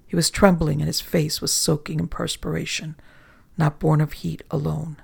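Man, horror storyteller, gravelly, husky, sinks to whispers. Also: on the high side, flat delivery, moderate pace. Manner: sinks to hushed whispers for suspense. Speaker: narrator. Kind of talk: dramatic horror story reading.

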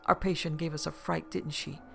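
A kind young nurse in a storybook reading, as a gravelly narrator puts her on, soft-spoken and reassuring. The tone stays calm, a touch raised, with fry in the voice. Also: medium pitch, fairly quick, soft background music. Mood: soothing. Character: gentle, soothing young woman nurse.

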